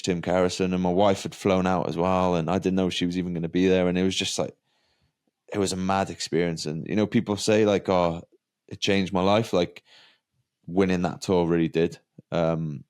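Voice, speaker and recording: A Welsh man with a notably low, deep voice talks through his career in an easy, reflective way. He is in his thirties and speaks plainly, filling his sentences with casual fillers as he lies on a massage table. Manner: relaxed, matter-of-fact, full of fillers like "like" and "you know". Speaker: professional cyclist. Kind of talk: reflective interview chat.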